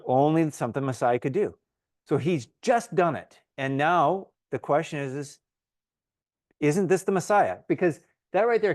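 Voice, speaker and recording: A man teaching a Bible study in a relaxed, conversational way, often acting out the crowd's voices in quotes. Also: a little high, normal speed, no room sound, clean studio sound.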